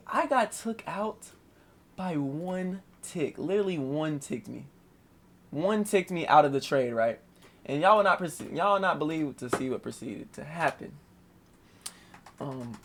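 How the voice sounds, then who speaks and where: Young man, gravelly voice, casual slangy trading recap, animated, swears a lot. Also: a little hiss or hum. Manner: animated, slangy, swearing, keeps saying "boom" and "right". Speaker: day trader recapping his trade. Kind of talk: casual screen-share trade recap.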